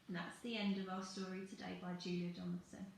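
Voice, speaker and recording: A woman teacher reading a rhyming picture book aloud in an expressive, rhythmic storytelling manner. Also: fairly low pitch, fairly quick, slight background noise. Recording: very echoey room.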